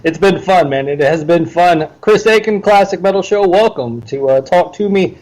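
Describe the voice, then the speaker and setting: A man hosting a podcast in casual chat, upbeat and quick to laugh. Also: high-pitched, animated, darkish tone, low-quality recording. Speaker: podcast host.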